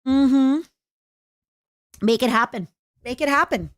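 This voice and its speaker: A young woman with a Canadian accent chatting casually with her stream viewers, jokey and full of quick asides. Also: high voice, dry recording. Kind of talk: casual livestream chat.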